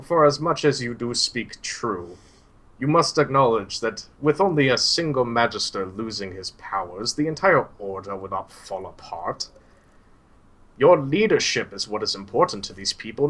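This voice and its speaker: A man voicing a kind, frail old male teacher who hunches over a cane, speaking slowly and gently chiding. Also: fairly low pitch.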